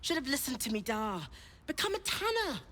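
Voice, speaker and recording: A scornful game tanner. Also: female voice, high-pitched, big pitch swings, brisk, a bit bright, heavily acted.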